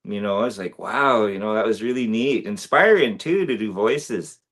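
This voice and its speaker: A man's voice: lowish voice, animated, normal speed. A man chatting casually as a guest actor, telling stories with frequent laughs and acting out what people said. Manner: storytelling, laughs often, acts out quoted voices. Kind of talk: casual interview chat.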